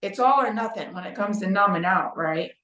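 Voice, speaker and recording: A woman's voice: mid-range voice, fairly quick, fairly bright tone. A woman speaking as an interview guest about recovery, in a casual, chatty way full of "like" and "you know". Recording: roomy, echoey room.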